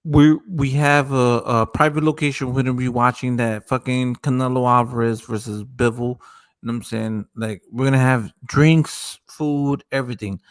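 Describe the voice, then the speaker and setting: A man's voice: medium pitch, steady tone, normal speed, clean tone. A man hosting a casual boxing chat on a group call, rambling loosely with lots of profanity while faded. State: high, faded.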